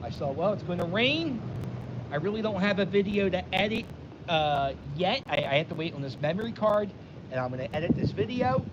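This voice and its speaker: In a muffled recording, a Philadelphia vlogger talks fairly quickly in a high, animated voice. He's outdoors by the water in the wind, rambling through an exasperated story for his casual vlog.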